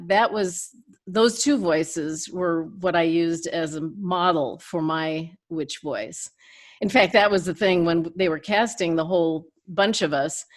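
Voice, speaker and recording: An older woman, a guest in an interview, telling chatty stories with frequent laughs. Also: lowish voice. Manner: chatty, laughs between anecdotes. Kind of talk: casual interview storytelling.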